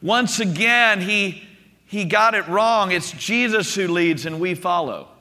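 A man preaching a sermon to a congregation, telling the stories in an animated way and often restarting with repeated words. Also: sits high, unhurried. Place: room with a gathered congregation. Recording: long reverb of a large hall.

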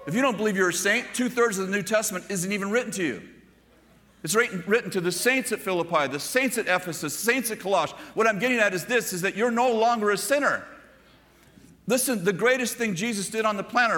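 Older male pastor, conversational storytelling sermon, bright tone, hall echo. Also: high-pitched, brisk. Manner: storytelling preacher, conversational asides to the congregation.

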